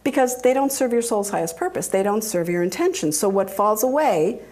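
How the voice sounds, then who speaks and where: Woman, middle-aged, lively storyteller, chatty talk, laughs between anecdotes. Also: fairly quick. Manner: animated, acts out quoted voices with big pitch jumps; laughs often while telling stories. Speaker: speaker giving a talk.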